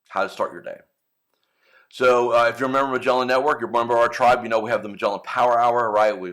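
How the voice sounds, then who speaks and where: A man with a fairly low voice talks through advice to financial advisors in a loose, conversational coaching style. He checks in with his listeners often and slips into quick acted snippets of client calls. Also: a bit bright. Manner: conversational, frequent "right?" and "okay?" tags, acts out client calls. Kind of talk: casual coaching talk to camera.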